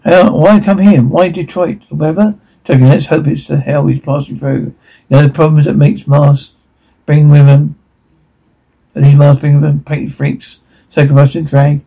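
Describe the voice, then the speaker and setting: Ein kehliger, heiserer Polizeichef, gespielt von einem Mann, mit dunklem Klang und leicht gehobener Stimmlage. Er spricht kurz angebunden und unduldsam, wie jemand, der keine Geduld für Ausflüchte hat. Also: male voice, fairly high pitch, level tone, moderate pace, gravelly, mellow, breathy edge. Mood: gruff.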